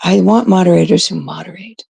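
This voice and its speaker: Woman from Canada, gravelly husky voice, blunt exasperated live-stream rant, curses freely. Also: fairly low pitch, fairly quick, a little mellow, dry recording. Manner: blunt, exasperated, swears freely, quotes others mockingly. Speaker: livestream host.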